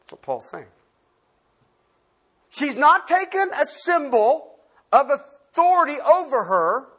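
A pastor teaching a Bible-study sermon, asking the listeners questions and swinging from loud emphasis to quiet asides. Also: high voice, big pitch swings, slow, long pauses.

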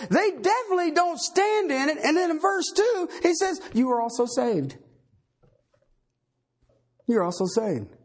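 Male pastor, sermon, lively high voice, unhurried. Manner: emphatic, swings from loud to low.

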